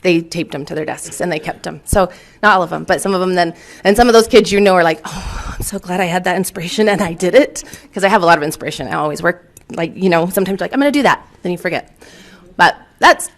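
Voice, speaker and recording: A woman in her forties, a teacher giving a chatty conference talk full of fillers and laughter. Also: fairly low pitch. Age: 40s. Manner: chatty and warm, laughs often, lots of fillers. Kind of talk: conference presentation.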